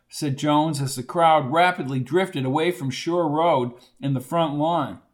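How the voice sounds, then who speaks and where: A man, the author, narrating his own audiobook in a plain, steady storytelling manner. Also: fairly high pitch, measured pace, few pauses.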